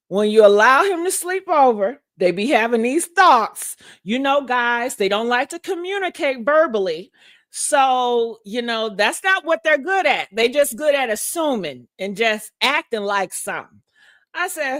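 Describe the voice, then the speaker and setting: A woman's voice: a little high, sing-song, moderate pace, a bit bright, no room sound, clean studio sound. A woman vlogger casually telling a personal story to her viewers, frank and profane, laughing often.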